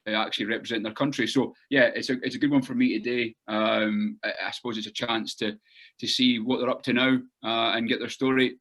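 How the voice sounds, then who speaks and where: A Scottish man hosting a podcast, talking in a halting, casual way with many fillers and restarts. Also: lowish voice, a bit bright. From Scotland. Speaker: podcast host. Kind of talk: casual interview chat.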